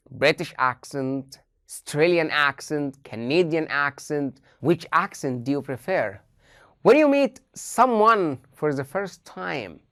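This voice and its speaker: Lady teaching english online, low and slow, asks lots of questions n repeats stuff. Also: no echo, clean studio sound. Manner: asks the students many questions and repeats key phrases. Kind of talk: online lesson addressing students.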